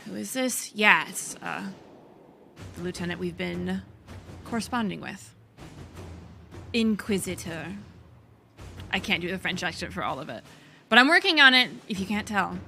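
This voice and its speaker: A woman's voice: fairly low pitch, lively intonation, normal speed, gravelly, sharp tone, faint music behind. A woman streaming a video game, chatting casually as she thinks aloud, laughing and swearing often. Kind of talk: casual gameplay commentary.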